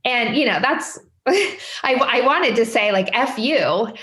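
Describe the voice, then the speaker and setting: Animated woman telling stories in a roomy room. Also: takes it slowly. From Midwestern United States. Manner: animated, many fillers, jumps up in pitch quoting others. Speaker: podcast guest and author. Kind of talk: candid conversational storytelling. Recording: roomy echo.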